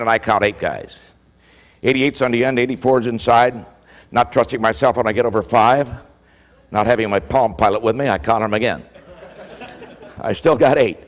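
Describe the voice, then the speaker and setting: An older man giving a keynote talk to an audience, telling stories animatedly and acting out quoted exchanges. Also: mid-range voice. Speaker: motivational speaker. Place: large hall before a live audience. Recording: speech with long hall reverb.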